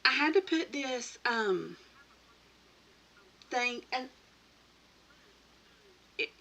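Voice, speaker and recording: A crafting channel host chats casually late at night from her home craft room, rambling, laughing often and greeting viewers by name, on a computer or tablet mic. Her voice is fairly high, bright and forceful, very animated, with drawn-out words.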